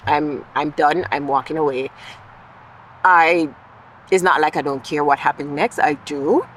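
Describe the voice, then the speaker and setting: A woman's voice: sits low, unhurried, slight background noise, poor audio. A woman vlogger in a casual monologue, candid and reflective, talking through her feelings aloud with the odd swear word. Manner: occasional swearing.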